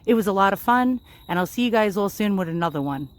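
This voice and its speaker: A woman's voice: medium pitch, animated, fast talker. A woman casually narrating her furniture restoration vlog, chatty and self-deprecating, with lots of ums and uhs. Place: outdoors in sunlight.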